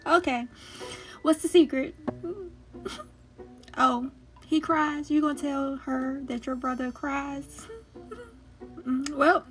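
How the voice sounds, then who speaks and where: Lady with a high voice doing a chatty show recap, keeps laughing and calling out the characters, soft music underneath. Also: fairly even intonation, takes it slowly, pauses often. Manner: laughing often, teasing, talking to the characters. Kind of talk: casual reaction commentary.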